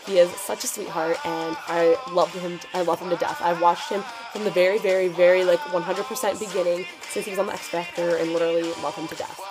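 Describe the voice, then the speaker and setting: A teenage girl telling a story on her vlog in an excitable, gushing way, full of "like" fillers. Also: fairly low pitch, fast talker, few pauses. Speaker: vlogger. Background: background music.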